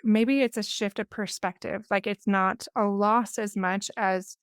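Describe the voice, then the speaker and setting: Woman in her 40s hosting a podcast, measured and thoughtful, crisp voice. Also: medium pitch, fairly even intonation, no room sound, clean studio sound. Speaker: podcast host. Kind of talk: reflective conversation.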